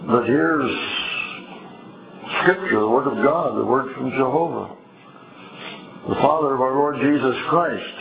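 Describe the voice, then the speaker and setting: A man preaching at a Bible study, earnest and halting, with pauses. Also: mid-range voice, gravelly. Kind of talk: sermon. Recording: tinny phone-like audio with a crowd behind.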